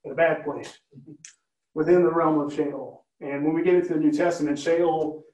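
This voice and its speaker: A man's voice: a little high, steady tone, normal speed, darkish tone. A man leading a Bible study, teaching conversationally and often checking in with listeners by asking questions. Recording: roomy, from a distance.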